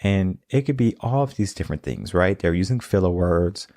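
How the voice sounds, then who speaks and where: This coach and podcast host has a deep, mellow voice and talks at a normal speed, explaining ideas in relaxed, casual coaching talk and frequently checking in with "right?" The recording is dry and close, with no room sound.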